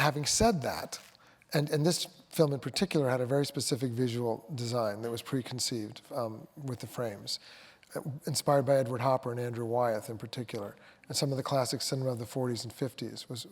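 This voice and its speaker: A man, a film director, talking onstage in a rambling, self-correcting way that turns into animated storytelling. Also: medium pitch. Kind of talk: onstage conversation. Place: auditorium stage. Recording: long hall reverb.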